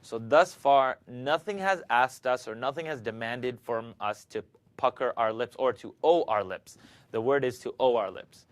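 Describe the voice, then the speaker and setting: A man's voice: medium pitch, normal speed, no room sound. A man teaching Quran recitation in a video lesson, patiently demonstrating each letter sound aloud for learners to repeat.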